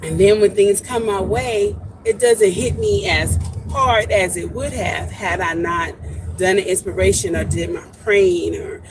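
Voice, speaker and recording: A woman chats on a livestream for her homesteading channel, animated and talkative, with a slow, unhurried delivery. Road and engine noise from a vehicle runs clearly behind her. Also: medium pitch. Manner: animated, chatty, greets viewers by name. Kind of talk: casual livestream chat.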